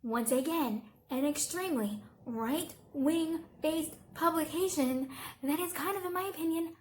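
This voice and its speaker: This high-voiced YouTube commentator addresses her audience in an easygoing, conversational way, sounding sarcastic and fed up as she takes jabs at the person under discussion. Her pace is measured and her tone a little mellow.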